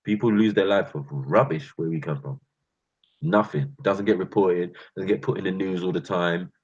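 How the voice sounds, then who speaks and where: Husky London man ranting in street slang. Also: low voice, moderate pace, lo-fi sound. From England. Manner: passionate, slangy, addresses listeners as bruv and fam. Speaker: channel host. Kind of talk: heated street-slang rant.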